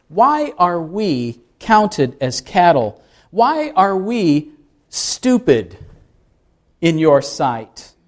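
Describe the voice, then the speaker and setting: Male preacher voicing a stern scolding friend, slow, a touch high. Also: a little mellow. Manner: scolding, lecturing.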